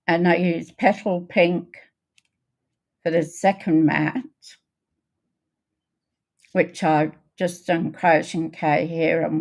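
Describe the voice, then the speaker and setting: An older woman hosting a casual card-making livestream, chatting in an unhurried way with many ums and greeting viewers by name. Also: lowish voice, creaky. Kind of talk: casual crafting livestream chat.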